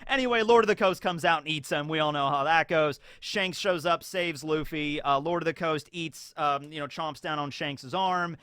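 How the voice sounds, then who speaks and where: A man casually recapping a show episode in an animated way, often acting out scenes. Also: on the high side, moderate pace, few pauses, clean tone, no echo. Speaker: YouTube show reviewer.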